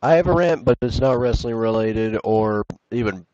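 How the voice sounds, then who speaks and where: A man's voice: mid-range voice, expressive, normal speed, mellow, no room sound, dull audio. A man ranting in a casual podcast chat, swearing a lot. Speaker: podcast co-host.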